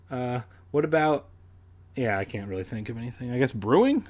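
A man's voice: medium pitch, very animated, a little fast, darkish tone. A young man reading a children's horror book aloud with sardonic, crude comic asides. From San Diego area.

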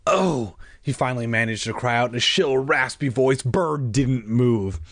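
A man's voice: mid-range voice, moderate pace, fairly bright tone, dry recording, studio quality. A man reading a children's book aloud, tossing in wry asides. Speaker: reader.

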